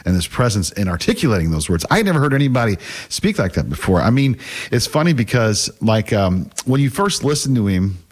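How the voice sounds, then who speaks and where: A little fast and fairly low, this man's voice swings widely in pitch. He's a middle-aged guest and faith class teacher, narrating conversationally and earnestly, occasionally stammering before starting again.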